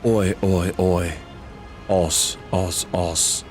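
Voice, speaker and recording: A man's voice: low-pitched, steady tone, extremely slow, darkish tone, faint music behind, voice pushed down. A man voicing a goofy, exaggerated Australian bloke with a put-on Australian accent, drawling jokey tall tales. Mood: joking.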